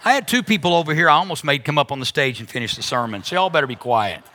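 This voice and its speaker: A middle-aged man preaching a sermon as pastor, animated, with sudden high-pitched mocking asides. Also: fast, slight background noise.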